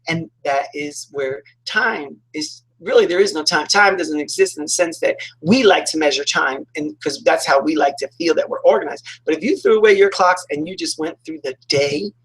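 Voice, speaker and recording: Husky man doing a casual self-help pep talk, loose and rambly, like a radio host. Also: a little high, moderate pace, a bit bright, low-quality recording. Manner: chatty, acts out quoted reactions, many fillers.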